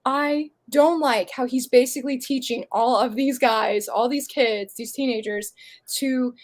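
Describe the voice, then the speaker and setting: A woman's voice: high-pitched, fairly even intonation, a little slow. A young woman on a casual podcast chat, ranting passionately and apologizing for it. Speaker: guest.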